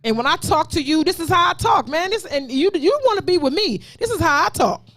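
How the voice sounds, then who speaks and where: A woman's voice: very high voice, fairly quick, no room sound. A woman co-hosting an uncensored talk show, talking bluntly and with plenty of profanity. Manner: blunt, profane, animated storytelling. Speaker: podcast co-host. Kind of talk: uncensored casual chat.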